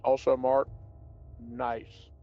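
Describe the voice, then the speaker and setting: A man's voice: medium pitch, level tone, very slow, dull audio, soft background music. A man player chatting casually about video games at a tabletop session, with wry, opinionated banter.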